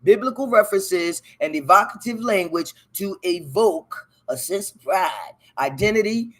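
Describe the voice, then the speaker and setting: A man with a high, animated voice takes his time hosting a relaxed solo podcast. He reads a passage aloud, fumbles the difficult words, and repeatedly cuts in to answer the text back in profane slang.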